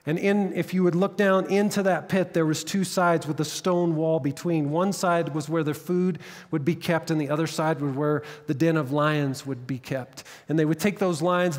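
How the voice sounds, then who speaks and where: Male pastor, dramatic sermon storytelling, slightly high voice, reverberant church hall. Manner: dramatic storytelling, drops to hushed tones. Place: church sanctuary.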